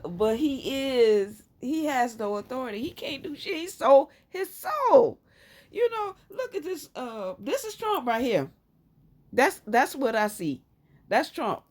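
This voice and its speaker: A woman with a Southern US accent talks through a tarot reading in an unhurried, drawn-out way. Her voice sits in an ordinary middle range, but she keeps jumping sharply higher and louder to hammer a point home, then settles back. The delivery is loose, emphatic and rambling. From Southern United States. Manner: emphatic, rambling, frequent sudden jumps up in pitch and loudness. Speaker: tarot reader. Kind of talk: casual tarot reading commentary.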